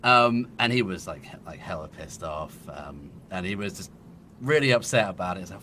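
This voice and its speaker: A man's voice: deep voice, fairly quick, bright, forceful tone, a little hiss or hum. A man in his thirties with an English accent, a podcast guest telling a long, laughing story in casual chat. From England.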